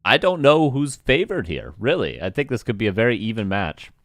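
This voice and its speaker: This is a man with a lightly West Coast Canadian accent calling a live strategy game match. His voice sits a bit low, and the sound is dry and close. He jokes with viewers, laughs easily, then slides back into match commentary. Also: sing-song, brisk, a bit bright, dry recording. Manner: joking, laughs often, answers chat questions. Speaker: esports caster.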